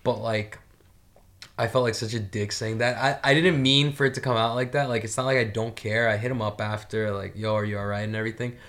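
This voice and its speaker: A man's voice: mid-range voice, fairly even intonation, fairly quick, fairly bright tone. A young man in casual chat on a podcast, rambling with many fillers and swearing freely.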